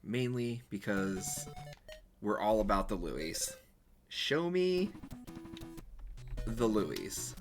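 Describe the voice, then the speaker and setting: A man's voice: on the low side, expressive, slow pace, over music. A male streamer chatting casually and rambling while he plays a golf game. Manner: rambling, chatty, self-correcting. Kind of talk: casual chat while gaming.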